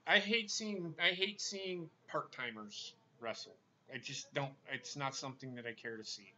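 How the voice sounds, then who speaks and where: Brief: blunt, profane male podcast host with a bright voice, recorded on a muffled lo-fi mic. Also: medium pitch, moderate pace. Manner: blunt and profane, stammers when starting a point. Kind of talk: casual wrestling chat.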